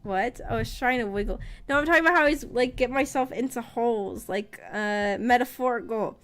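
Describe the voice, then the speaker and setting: A woman VTuber chatting casually on stream, rambling and often laughing, her voice slightly rough after being sick. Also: on the high side, a little fast, a bit bright, soft background music. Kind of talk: casual live-stream chat.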